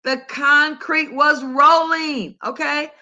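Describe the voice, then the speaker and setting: An older woman hosting a health talk, telling a story in a chatty, animated, conversational way. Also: sits high, takes it slowly, muffled recording. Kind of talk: casual monologue to listeners.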